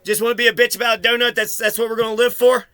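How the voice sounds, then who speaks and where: High bright man in an angry rant. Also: level tone, very fast, smooth, no echo. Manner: accusatory, swearing, repeating himself. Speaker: vlogger confronting his mother.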